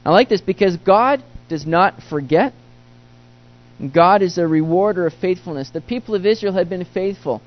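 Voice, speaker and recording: Pastor, male, high voice, earnest and emphatic sermon delivery, lots of rhetorical questions; muffled lo-fi take. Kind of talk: sermon teaching through a Bible book. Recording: dull lo-fi recording.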